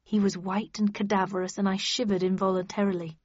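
A woman reading a first-person novel aloud in measured storytelling. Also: mid-range voice, little pitch movement, no room sound, muffled recording. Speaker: audiobook narrator. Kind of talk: scripted first-person narration.

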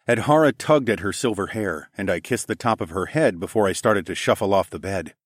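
A man narrating a first-person story in a relaxed, expressive audiobook reading. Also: fairly low pitch, a little fast, no room sound, clean studio sound.

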